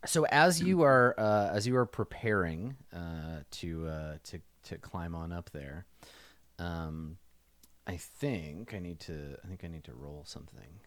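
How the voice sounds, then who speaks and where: A man running a tabletop game as its game master, narrating scenes in a loose, relaxed way with many fillers and restarts. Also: low-pitched, measured pace.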